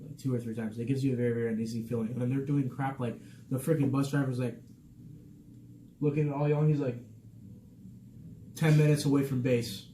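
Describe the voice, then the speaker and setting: A young man hosts his vlog in a casual, chatty way, easygoing at first and then lively and animated. His voice sits at an ordinary pitch and bounces around an echoey room. Steady background noise runs underneath. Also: fairly quick, pauses often. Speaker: vlog host, Navy sailor. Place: military barracks room.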